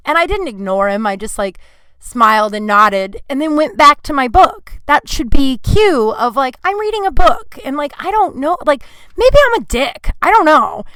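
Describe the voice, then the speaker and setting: A woman hosts her podcast in a loose, chatty monologue, peppering every sentence with "like" and grumbling as she goes. Her voice sits a little high. It is recorded dry and close, with no room sound. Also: lively intonation, normal speed, pushed and bright, dry recording. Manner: chatty, heavy use of "like" fillers; grumpy, complaining tone. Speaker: podcast host. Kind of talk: casual monologue storytelling.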